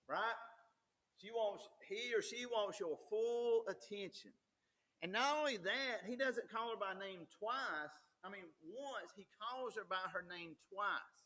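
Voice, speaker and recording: Bright high-voiced preacher man. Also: animated, unhurried. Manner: folksy and conversational, with restarts. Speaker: pastor. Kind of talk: sermon.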